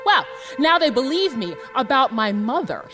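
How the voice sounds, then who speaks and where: A woman's voice: high voice, very animated, moderate pace, music in the background. A woman earnestly telling her own life story in the first person, her voice emotional and her pace shifting.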